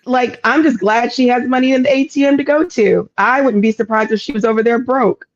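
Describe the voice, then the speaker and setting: A woman's voice: fairly high pitch, steady tone, a little fast, lo-fi sound. A woman co-hosting a casual show recap, blunt and teasing in her remarks. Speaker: co-host.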